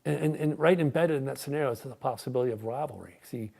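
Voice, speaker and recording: Male pastor, gravelly and conversational, warm sermon delivery. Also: mid-range voice, fast talker. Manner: conversational, repeats words when starting sentences. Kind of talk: sermon with a joke.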